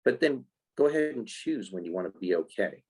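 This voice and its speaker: A man who is a life skills coach for kids, talking in a casual podcast interview. He explains in an animated way and acts out the voices he quotes. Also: lowish voice, a little fast, husky, low-quality recording.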